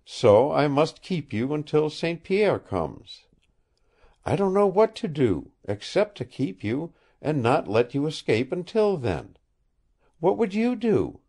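Man doing a young woman, raised high voice, earnest, childlike sincerity, audiobook. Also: very animated, slow, darkish tone, exaggerated voice. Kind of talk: audiobook character reading.

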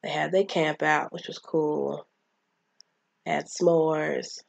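Chatty woman retelling a movie, slow husky voice, dull lo-fi sound. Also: low voice, steady tone, dry recording. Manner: chatty, acts out characters' lines. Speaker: movie recapper. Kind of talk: casual movie recap.

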